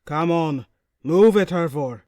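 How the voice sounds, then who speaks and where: A woman putting on a growling Viking oarsman with a Swedish accent. He speaks loud and low in a storybook reading, close and dry on the mic. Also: slow, no echo. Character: brawny young male Viking oarsman.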